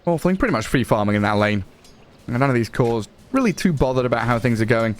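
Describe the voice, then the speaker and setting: A man with a Northern English accent giving lively play-by-play commentary on an esports match, excitable and quick to laugh. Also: medium pitch, a little hiss or hum. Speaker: esports caster. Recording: music playing underneath.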